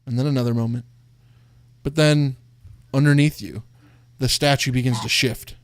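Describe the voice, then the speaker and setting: A man's voice: medium pitch, fairly even intonation, moderate pace. A man running a tabletop game as game master, laughing often and talking in a loose, casual way.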